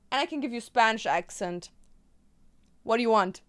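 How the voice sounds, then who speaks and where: A woman's voice: fairly high pitch, animated, normal speed, a bit bright, clean tone. A young woman whose first language is German, chatting casually and playfully while crafting on a stream.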